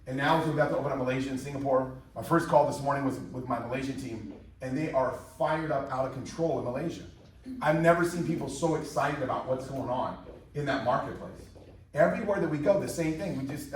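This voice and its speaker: Fast-talking middle-aged man in an echoey hall. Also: mid-range voice, slight background noise. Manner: energetic, repetitive, rallying the crowd. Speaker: company presenter. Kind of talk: motivational sales presentation. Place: large room with a live audience. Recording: very echoey hall, mic far off.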